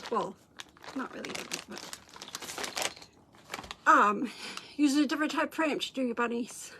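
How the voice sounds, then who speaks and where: A woman's voice: fairly high pitch, normal speed, background noise. A middle-aged woman hosting a craft livestream, chatting casually with viewers and greeting them by name. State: out of breath. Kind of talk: casual live chat with viewers.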